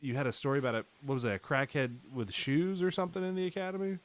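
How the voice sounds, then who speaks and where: A man's voice: a little high, expressive, very fast. A man hosting a podcast in casual chat, talking loosely and easily. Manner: laid-back, loose, lots of fillers. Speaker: podcast host.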